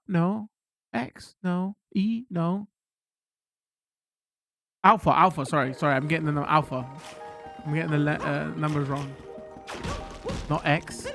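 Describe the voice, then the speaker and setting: Rambling streamer, game music behind. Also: mid-range voice. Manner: rambling, chatty, self-correcting, jumpy bursts of excitement. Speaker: live streamer. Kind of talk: casual live-stream chat while gaming.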